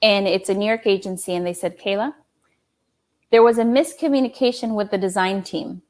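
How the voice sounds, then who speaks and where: A woman in her thirties telling her own story in an interview, animated, laughing often and acting out quoted dialogue. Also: mid-range voice, a little fast. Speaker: guest, small business owner and designer.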